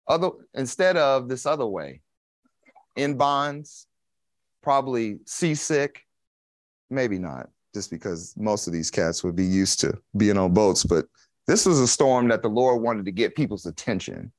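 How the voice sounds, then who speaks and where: A man's voice: mid-range voice, expressive, a little slow, darkish tone, dry recording. A man preaching a conversational sermon in a casual, folksy way, with slang and chuckles.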